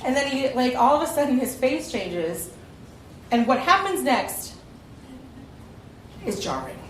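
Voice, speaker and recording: A woman's voice: high voice, very animated, unhurried. A woman with a Southern US accent telling a comic personal story on stage at a live event, often laughing through her lines. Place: live venue with audience. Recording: echoey live room, faint noise.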